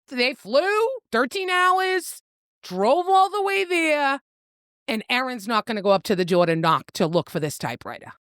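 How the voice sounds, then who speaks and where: A woman's voice: fairly high pitch, animated, normal speed, fairly bright tone, dry recording, clean studio sound. A woman co-hosting a book podcast, casually retelling a novel's plot in a playful, swearing, storytelling way.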